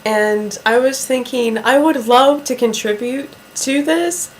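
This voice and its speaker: A woman vlogger telling a story to camera in a chatty, drawn-out way, with many "like" fillers. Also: on the high side, rough recording.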